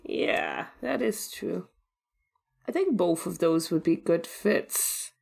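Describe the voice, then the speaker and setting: A woman's voice: lowish voice, lively intonation, slow, gravelly, a little mellow. A woman co-hosting a podcast in casual chat, thinking aloud as she reads, with dry humor. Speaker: podcast co-host and episode editor. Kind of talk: casual chat about tabletop games.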